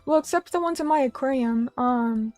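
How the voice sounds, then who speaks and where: At a little table in a small room, a young vtuber streamer speaks at normal speed in a high voice with a darkish tone, with no echo and soft music in the background. She chats casually with viewers, reading their comments in a rambling, self-deprecating way.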